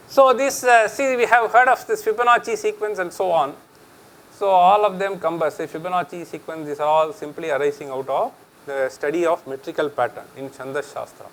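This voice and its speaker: A man's voice: on the high side, poor audio. A middle-aged man with an Indian accent giving a chatty public lecture, switching between English and Hindi and laughing often.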